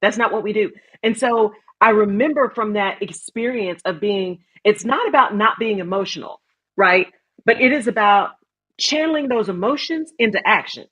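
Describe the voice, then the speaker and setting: Texan woman host, breathy voice on muffled audio, chatty storyteller. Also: medium pitch, expressive, moderate pace, a bit bright. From Texas. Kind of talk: casual interview talk, storytelling. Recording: dull lo-fi audio.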